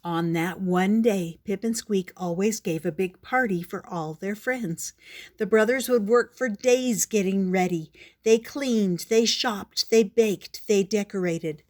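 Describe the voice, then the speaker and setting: Older woman, storyteller, children's picture book, gentle, slow. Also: medium pitch. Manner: gentle, measured storybook narration.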